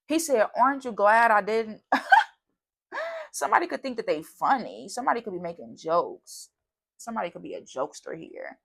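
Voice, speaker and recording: A woman's voice: lowish voice, creaky, fairly bright tone. A woman giving a casual tarot reading, chatty and bubbly, wandering off on tangents. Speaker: tarot reader.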